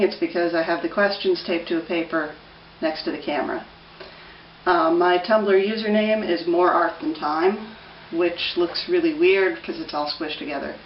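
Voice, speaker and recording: Woman, 30s, Pacific Northwest American accent, relaxed rambling vlogger; distant, echoey, muffled home-camera sound. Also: fairly low pitch, slight background noise. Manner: rambling, relaxed, many ums. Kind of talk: casual rambling vlog. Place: room with an open window. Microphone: camera on a tripod.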